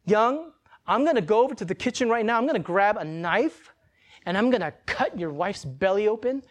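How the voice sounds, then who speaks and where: A man's voice: high voice, lively intonation, fairly quick. A man voicing a possessed man who makes angry, menacing threats.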